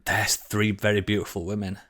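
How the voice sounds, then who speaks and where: A man's voice: fairly low pitch, completely flat delivery, brisk, crowd noise. A man co-hosting a casual podcast chat, laughing often, swearing and trailing off mid-sentence. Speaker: podcast co-host.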